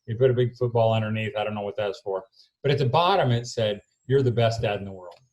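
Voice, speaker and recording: A middle-aged man telling a story in a keynote talk, recorded alone in his barn, acting out his own quotes loudly. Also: lowish voice, brisk. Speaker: homeschool speaker. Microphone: self-recorded camera.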